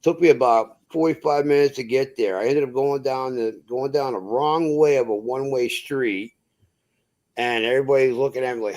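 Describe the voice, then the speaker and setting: A man from Massachusetts, a truck driver, telling a profane, animated story in casual chat and acting out what people said. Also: medium pitch, moderate pace.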